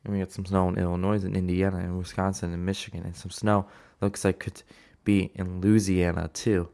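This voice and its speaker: A man's voice: low-pitched, little pitch movement, a little fast, vocal fry, a little mellow. A man casually talking through weather forecast maps, rambling with many fillers and restarts. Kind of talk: casual weather map walkthrough.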